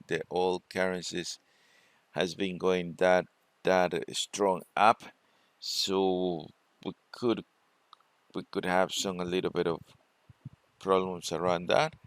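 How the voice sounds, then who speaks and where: Slow, gravelly-voiced man. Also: deep voice, a bit bright, dry recording. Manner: unhurried, thinking aloud with many fillers. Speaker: forex trading presenter. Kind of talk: screen-share trading walkthrough.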